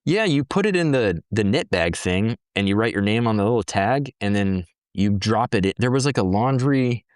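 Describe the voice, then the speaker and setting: A man's voice: fairly low pitch, expressive, moderate pace, no echo, clean studio sound. A man, a former Navy corpsman guest, telling stories casually in blunt, profane talk. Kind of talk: casual storytelling.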